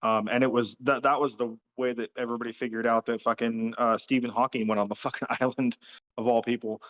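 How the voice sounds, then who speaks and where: Man, casual rambling chat, heavy swearing, frequent laughs, mid pitch, dull lo-fi audio. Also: flat delivery, fast, a bit bright. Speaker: livestream host. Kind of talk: casual late-night chat.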